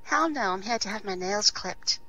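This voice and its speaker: Brief: young strapping male Great Dane, quiet and confiding, told by a woman. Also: mid-range voice, lively intonation, moderate pace, highs cut off, very noisy, natural voice.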